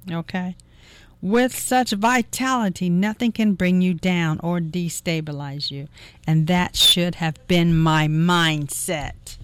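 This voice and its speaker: A radio talk show host giving earnest, encouraging advice, slowing down for emphasis. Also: mid-range voice, fairly bright tone, clear, resonant tone.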